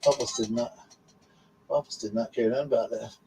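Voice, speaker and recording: A man's voice: medium pitch, fairly even intonation, brisk, vocal fry, heavy background noise. A man hosting a live stream, chatting casually and telling rambling stories about his pets. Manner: rambling, chatty storytelling with restarts; coos softly to his pets.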